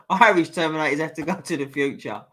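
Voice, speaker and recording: A man's voice: on the high side, a little fast, pushed and bright. A man hosting a casual live stream, reading viewer comments aloud and swearing freely as he chats. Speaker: livestream host reading chat.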